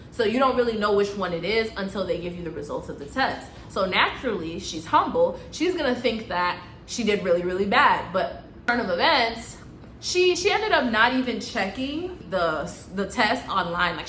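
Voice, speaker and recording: A young woman nurse telling a personal story, animated and emphatic, with lots of "like". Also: medium pitch, normal speed, roomy sound, slight background noise. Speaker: nurse vlogger.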